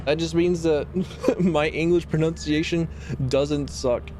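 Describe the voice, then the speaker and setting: A man's voice: on the high side, fairly even intonation, measured pace, background noise. A young man from the American South streaming a game, joking and swearing as he talks to himself and his chat. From Southern United States. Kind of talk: casual gaming stream commentary. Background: game music.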